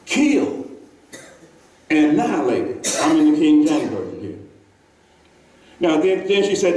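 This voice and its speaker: A man's voice: on the high side, big pitch swings, measured pace, long pauses, darkish tone. A man preaching a sermon in a church, talking with the congregation and often repeating himself. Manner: conversational preaching, calls to the congregation, many repeats. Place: church sanctuary. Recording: echoey church from far off.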